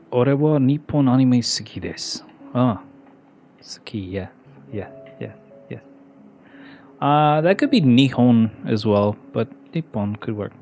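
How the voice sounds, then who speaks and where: Slow, low-voiced streamer. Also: male voice, darkish tone. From Albania. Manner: rambling, profane, answers chat between moves. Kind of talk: casual gameplay chat with viewers.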